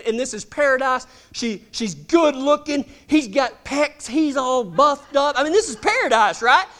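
A man's voice: very high voice, a bit bright. A middle-aged man preaching a sermon, telling folksy, joking stories with lots of animation. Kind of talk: storytelling sermon to a live congregation.

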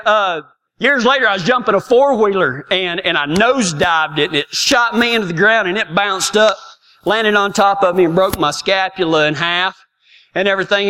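A man's voice: sits high, pushed and bright. A middle-aged man telling a comic personal story in a folksy, self-mocking way, laughing often. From Texas.

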